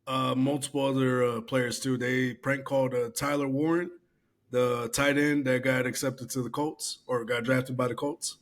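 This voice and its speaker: A man co-hosting a casual podcast reads aloud while laughing, loose and profane in his laid-back way; his mid-range voice barely moves in pitch and keeps a moderate pace.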